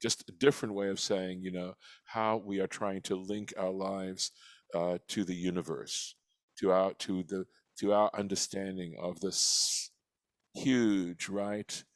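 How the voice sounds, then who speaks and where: Deep-voiced man teaching a text class. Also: level tone, unhurried, no echo. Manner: reflective and patient, with frequent restarts. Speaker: teacher leading a weekly text study class. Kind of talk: explanatory teaching with discussion.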